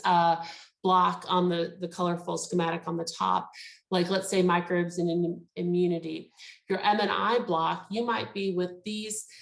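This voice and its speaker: A woman's voice: fairly low pitch, creaky, echoey room, poor audio. A woman presenting a medical school program in a chatty, explanatory way with plenty of fillers, speaking on a video call. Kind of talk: virtual info session talk.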